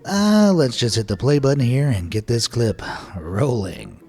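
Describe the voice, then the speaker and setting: A man's voice: medium pitch, sing-song, measured pace, darkish tone, husky, soft background music. A man narrating a scripted video, with playful, wry asides.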